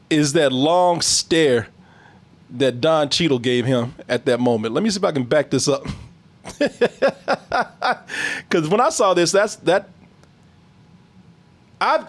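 A man hosting a casual reaction chat, animated, laughing often and swearing freely. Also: on the high side. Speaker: podcast host.

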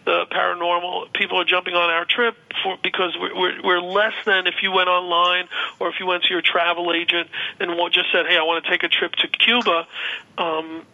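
A man with a high, very bright voice talks through his tours in an upbeat, rambling way, full of restarts. He comes through a dull, narrow phone line. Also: little pitch movement, brisk, vocal fry. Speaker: guest, paranormal tour organizer. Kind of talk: casual radio interview.

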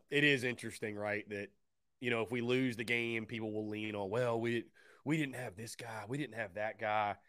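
A man's voice: medium pitch, bright, forceful tone, clean tone, dry recording, studio quality. A man hosting a call-in sports talk show, upbeat and fond of repeating phrases for emphasis. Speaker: sports radio show host.

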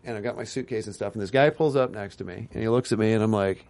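A man talks fast in a somewhat low voice as an interview guest. He tells long, rambling anecdotes, wanders into tangents and acts out the quotes of the people in them. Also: darkish tone. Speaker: guest, TV writer and producer. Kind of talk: casual interview storytelling.

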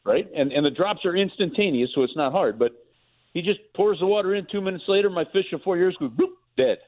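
Male phone-in guest, chatty animated storyteller, tinny phone line. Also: sits high, fast. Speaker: team play-by-play broadcaster, guest. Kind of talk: casual phone-in chat, storytelling. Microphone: phone call.

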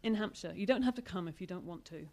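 A woman's voice: lowish voice, animated, fast, dark tone. Woman reading an awkward young man, hesitant and defensive.

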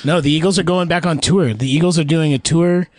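A man's voice: on the high side, brisk, a crowd in the background. A man co-hosting a casual podcast chat, joking and rambling with frequent restarts. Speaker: podcast co-host.

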